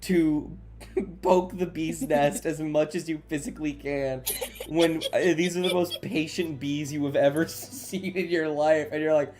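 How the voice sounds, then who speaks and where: A woman's voice: low-pitched, steady tone, measured pace, darkish tone. A woman running a tabletop game as game master, easygoing and often laughing. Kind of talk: casual game chat on a voice call.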